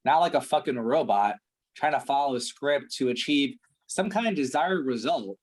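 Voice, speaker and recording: Blunt, husky-voiced male sales coach. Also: mid-range voice, lively intonation, moderate pace. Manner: blunt, profane, intense. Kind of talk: one-on-one coaching call.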